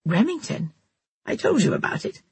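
A woman's voice: on the low side, sing-song, normal speed, a little mellow, husky, dry recording, full character voice. A woman reading an easygoing musician dad. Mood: offhand. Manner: matter-of-fact, a little distracted. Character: easygoing middle-aged father, a musician.

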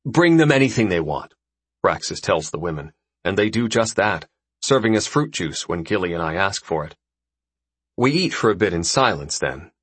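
Brief: male narrator, low husky voice, lively melodic reading, dry close recording. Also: no room sound. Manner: expressive, storytelling. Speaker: audiobook narrator. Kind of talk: scripted first-person narration.

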